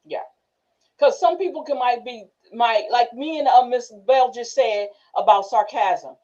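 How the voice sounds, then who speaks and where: A woman's voice: fairly high pitch, unhurried, a little mellow. A woman hosting a casual group discussion, telling stories animatedly and laughing often. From northern United States. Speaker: class host. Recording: muffled lo-fi recording.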